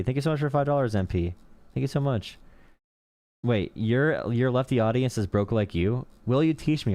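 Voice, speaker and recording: Low-voiced joking male streamer. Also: darkish tone, no room sound. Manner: rambling, joking, talks to chat. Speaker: political streamer host. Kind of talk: live-stream commentary.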